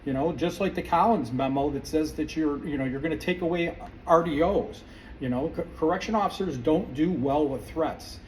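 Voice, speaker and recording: A man's voice: fairly high pitch, moderate pace, slight background noise. A man hosting a podcast, delivering a heated, sarcastic opinion monologue full of restarts. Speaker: podcast host. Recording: distant mic with faint room ambience.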